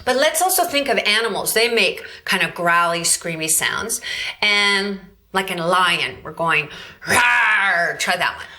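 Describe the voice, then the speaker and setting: A woman's voice: on the low side, expressive, moderate pace, pushed and bright. A woman vocal coach giving a lesson, explaining technique and prompting her student to repeat after her. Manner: directive, demonstrates growls and coaxes the student. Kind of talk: instructional demonstration.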